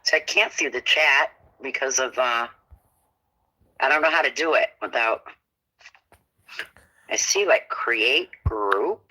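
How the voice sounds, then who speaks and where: A man on a call, chatting quickly and casually and often trailing off. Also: mid-range voice, sharp tone, low-quality recording. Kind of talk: casual chat.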